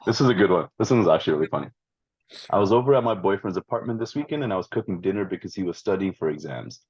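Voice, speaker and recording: Laid-back low-voiced podcast co-host man. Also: darkish tone, husky, dry recording, muffled recording. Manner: laughs often, reads with playful emphasis. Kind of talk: casual podcast chat and reading posts aloud.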